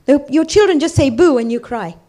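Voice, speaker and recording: A middle-aged woman giving a religious talk to a women's gathering, telling stories and asking the listeners direct questions. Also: high-pitched. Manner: animated, addresses the audience directly with questions; recites scripture rapidly in Arabic. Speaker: female religious speaker at a ladies' gathering. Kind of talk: religious lecture with storytelling.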